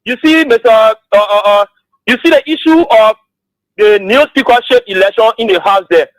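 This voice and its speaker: A man's voice: high voice, moderate pace, no room sound, rough recording. A man calling into a radio show, polite and thanking repeatedly. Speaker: caller.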